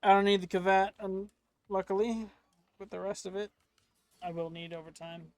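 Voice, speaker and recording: A man streaming a video game, chatting casually to his viewers and getting loudly frustrated with the game. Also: high-pitched, steady tone, moderate pace, no echo, faint music behind. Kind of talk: casual gameplay commentary.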